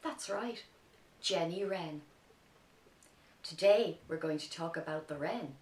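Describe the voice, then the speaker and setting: Slow, gentle Irish woman teacher. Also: lowish voice. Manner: gentle and clearly spoken. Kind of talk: storytelling lesson for young children. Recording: roomy sound from a distant mic.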